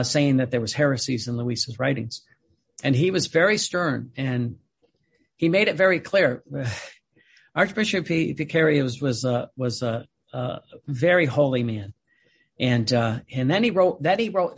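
A man giving a devotional talk about a holy woman, speaking in halting phrases with many fillers and restarts. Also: mid-range voice, slightly rough. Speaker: religious speaker.

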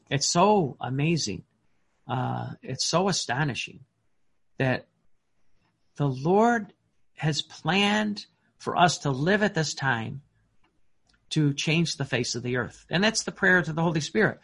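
A man preaching a sermon in an earnest, emphatic way, often pausing on fillers and restarting his words. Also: a little high, a bit bright, husky.

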